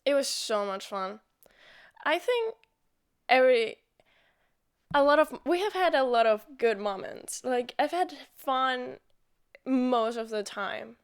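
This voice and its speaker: A young woman chats as a podcast guest. Her voice is fairly high and smooth. She eagerly chimes in to fill in details of the story. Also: lively intonation, takes it slowly, long pauses. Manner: eager, chiming in to add details. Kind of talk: casual chat.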